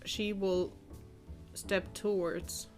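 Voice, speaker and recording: A woman's voice: medium pitch, flat delivery, drawn-out words, a little mellow, soft background music. A woman playing in a tabletop game, hesitantly describing what her character does. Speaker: player. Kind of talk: tabletop role-play.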